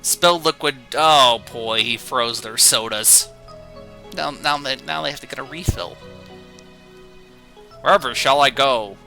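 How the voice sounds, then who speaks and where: A man's voice: medium pitch, unhurried, vocal fry, pauses often, bright, forceful tone, faint music behind. A man streaming a casual read-through of old comics, with sarcastic, joking asides and swearing.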